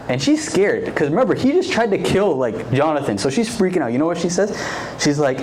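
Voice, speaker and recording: A man's voice: fairly high pitch, very animated, normal speed, pauses often, a little mellow, a little hiss or hum. Chatty young male youth preacher. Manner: chatty, constant "like" fillers, acts out quotes. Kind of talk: casual storytelling sermon.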